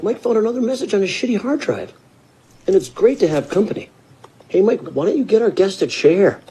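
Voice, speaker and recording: Brief: a brash reckless man, gravelly, mellow timbre, loud and mocking. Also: sits high, lively intonation, brisk, full character voice, rough recording. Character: brash reckless man, foul-mouthed, cocky. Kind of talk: film dialogue.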